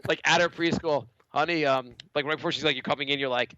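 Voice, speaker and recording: A man's voice: fairly high pitch, steady tone, quick pace, bright, forceful tone, dry recording, highs cut off. A man in his thirties co-hosting a comedy podcast, talking casually, laughing often and acting out little quotes. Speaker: podcast co-host.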